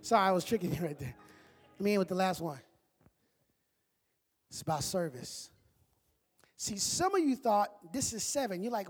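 A man preaching a sermon with playful, colloquial delivery, swinging from hushed asides to loud exclamations. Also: high voice, lively intonation, moderate pace, long pauses, husky, faint music behind. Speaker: pastor. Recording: long hall reverb.

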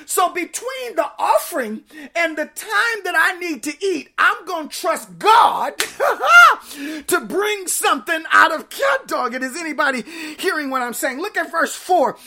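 A woman preaching with a high, ringing voice and a forceful, bright edge. She drives her points home with shouts and bursts of laughter, and keeps asking the congregation to answer back. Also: big pitch swings, unhurried, gravelly. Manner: emphatic, shouting, laughing often, calls for response. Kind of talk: sermon.

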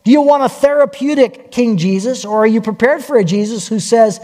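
A man preaching a sermon as pastor, telling stories with lively acted-out voices. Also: very high-pitched, brisk, few pauses. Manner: animated storytelling, acting out quoted voices. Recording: long hall reverb.

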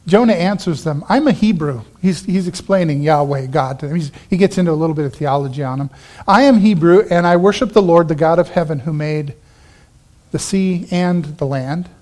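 A man pastor preaching a sermon, animated, acting out the Bible characters in quick asides. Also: high voice.

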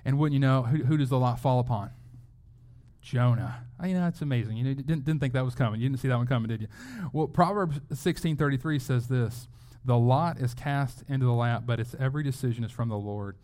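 Speaking at a quick pace, this man delivers a sermon as a pastor in a conversational style, often repeating words. His mid-range voice has a darkish tone.

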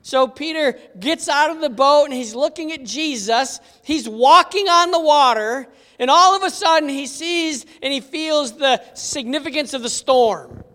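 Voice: high-pitched, unhurried, hardly any pauses, pushed and bright. A Bible teacher giving an interactive lesson, telling stories with animation and asking the audience questions. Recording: long hall reverb.

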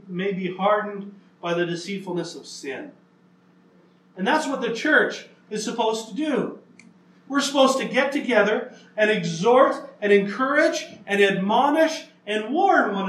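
Male preacher, emphatic sermon delivery, unhurried, roomy echo. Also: high voice, a bit bright, far from the mic. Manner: earnest, emphatic, with slow stressed lines.

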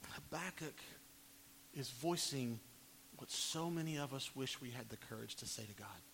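A man's voice: lively intonation, moderate pace, vocal fry. Man preaching in a reverberant hall. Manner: dramatic, swings from pleading loud to quiet and low. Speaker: pastor. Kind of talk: sermon. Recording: long hall reverb, faint hiss.

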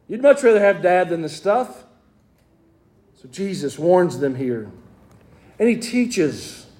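A man's voice: sits high, warm tone. A man with a Southern US accent preaching a sermon in a conversational way, asking his congregation rhetorical questions. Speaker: pastor.

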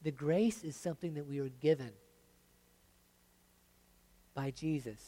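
A man preaching a conversational sermon, often checking in with "right?" and "okay?", moving between lively emphasis and quiet, earnest stretches. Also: a little high, a little slow. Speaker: pastor.

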